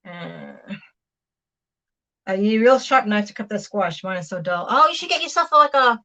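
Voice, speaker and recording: A chatty woman rambles to her livestream viewers while she cooks, full of fillers and quick "hang on"s. Her voice often drifts away from the microphone as she moves around a home kitchen. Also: medium pitch, lively intonation, sharp tone. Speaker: livestream host. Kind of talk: casual chat while cooking. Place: home kitchen, moving between rooms. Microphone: device mic, often at a distance. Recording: voice drifting far from the mic.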